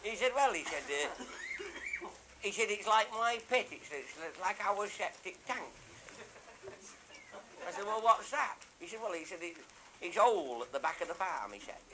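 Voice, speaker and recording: A man's voice: high voice, sing-song, normal speed, pauses often, poor audio. An older man telling a rambling comic anecdote, earthy and swearing freely as he acts out the voices of the people in it. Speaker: storyteller. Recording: loud background hiss.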